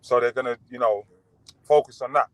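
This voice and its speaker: A young man, a boxer talking casually as an interview guest over a video call, relaxed and rambling with lots of fillers and restarts. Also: medium pitch, fairly quick, dry recording, low-quality recording.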